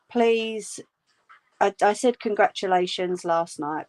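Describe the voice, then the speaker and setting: A woman's voice: mid-range voice, a little mellow. A woman hosting a crafting livestream from a room at home, chatting casually and reassuring her viewers. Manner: reassuring, homely, calls viewers "love". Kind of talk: casual chat while crocheting, answering viewers' comments.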